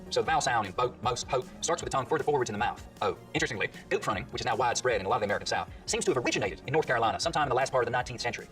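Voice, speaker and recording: A man's voice: mid-range voice, a bit bright, recorded from a distance. A man hosting a scripted lesson on regional accents, sounding out vowels as he explains them. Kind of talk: scripted educational narration.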